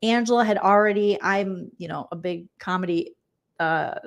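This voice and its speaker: A woman's voice: mid-range voice, moderate pace. A woman hosting a casual livestream recap, chatty and rambling, often acting out quotes. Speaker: host.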